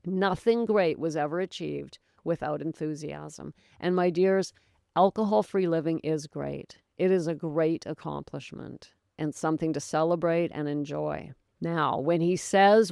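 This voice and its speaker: A woman's voice: sits low, a little slow, gravelly, a little mellow, clear, resonant tone, dry recording, clean studio sound. A woman hosting her own sobriety podcast, talking straight to the listener in an earnest, encouraging, folksy way. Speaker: podcast host, sobriety coach. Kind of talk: motivational solo talk.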